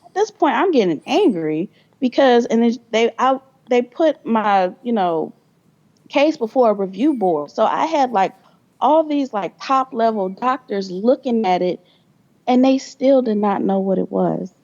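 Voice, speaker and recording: A woman's voice: on the high side, animated, a little slow, a little mellow, muffled recording. A young adult woman, a podcast guest, telling her story candidly with blunt profanity and acted-out quoted dialogue.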